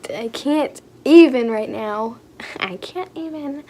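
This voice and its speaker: Excitable high-voiced young woman unboxing. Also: slow, slight background noise. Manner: gushing, excitable, many fillers and gasps. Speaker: vlogger. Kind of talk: squishy unboxing vlog.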